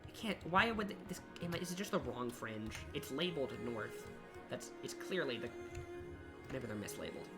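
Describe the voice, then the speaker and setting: A young man chatting casually on a live stream as he builds a game level, his voice sitting mid-range. He talks to himself about his work in a self-deprecating way. Music plays clearly behind him, with keyboard typing. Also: medium pitch, big pitch swings, moderate pace. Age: young adult. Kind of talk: casual live-stream chat while working.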